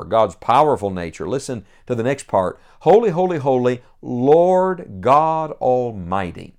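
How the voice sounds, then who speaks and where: A man's voice: fairly low pitch, darkish tone. Earnest male Bible teacher. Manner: earnest, emphatic, stretches out quoted scripture. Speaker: preacher.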